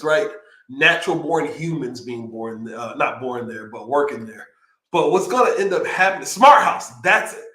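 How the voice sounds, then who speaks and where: A man hosting a live show, talking in a loose, rambling, excitable way. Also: on the high side, reverberant. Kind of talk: casual livestream talk. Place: home streaming setup near Austin, Texas.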